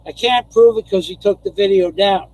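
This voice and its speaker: Older guy from new york rambling on his live stream, kinda high voice, keeps repeating himself. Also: moderate pace, darkish tone, no room sound, low-quality recording. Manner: rambling, repeats phrases, chuckles. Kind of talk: casual live-stream monologue.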